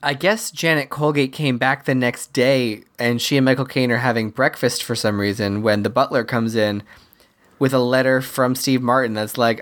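A co-host recapping a film scene by scene in a relaxed, chatty way. The voice sits at a middle pitch, and the speaker slips into quick impressions of the characters and laughs along the way. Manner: chatty storyteller, acts out quotes, laughs often. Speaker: podcast co-host. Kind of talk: casual movie recap.

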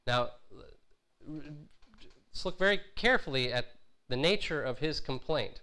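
A man preaching a sermon in a relaxed, conversational way. He pauses on fillers, restarts his phrases, and acts out the quoted lines. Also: a little high.

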